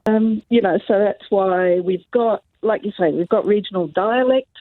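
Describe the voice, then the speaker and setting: A woman's voice: mid-range voice, normal speed, dry recording. An Australian woman chats into a radio phone-in, easygoing and friendly. Her voice sits in a middling range and comes through a tinny phone line. The line sounds dry and close. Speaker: caller. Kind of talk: phone-in chat.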